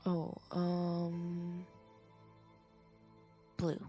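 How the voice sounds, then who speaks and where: A woman playing a tabletop game, speaking softly and hesitantly. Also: on the low side, monotone, extremely slow, faint music behind. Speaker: player. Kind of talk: casual chat in a game.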